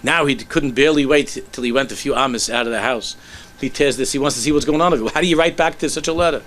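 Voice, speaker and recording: A man, a rabbi, telling a story in a sermon with animated delivery that sinks to soft, low tones. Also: quick pace.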